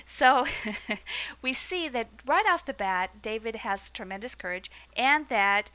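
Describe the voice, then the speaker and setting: Brief: woman teacher, casual, animated retelling, crisp bright tone. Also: fairly high pitch, slow pace, poor audio. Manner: lively, conversational, frequent fillers and asides. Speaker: Bible teacher. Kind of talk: casual Bible storytelling lesson.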